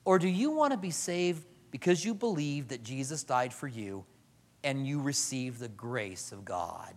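A man preaching a sermon as pastor, animated, acting out quoted voices and swinging from loud to hushed. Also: mid-range voice, measured pace, big-room sound.

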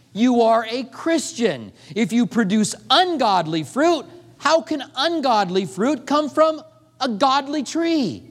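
A male pastor preaches with a high voice that swoops across a wide pitch range, animatedly acting out short back-and-forth dialogues within the sermon. The long reverb of a large hall rings around him.

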